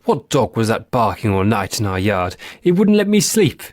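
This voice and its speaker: A man's voice: fairly low pitch, sing-song, normal speed, a little mellow, no echo, clean studio sound. A man voicing an imperious, irritable old woman who commands her household in a haughty, petulant way. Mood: cold, imperious.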